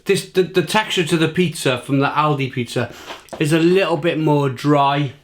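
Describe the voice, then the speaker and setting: A man's voice: a little high, moderate pace. A British man in his thirties chatting casually to camera as a food reviewer, repeating himself and talking while he eats.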